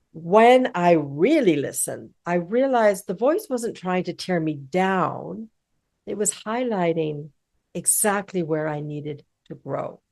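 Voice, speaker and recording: A woman's voice: lowish voice, creaky, darkish tone. A middle-aged woman hosting a self-help podcast, talking in a punchy, emphatic way with casual swearing. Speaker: podcast host.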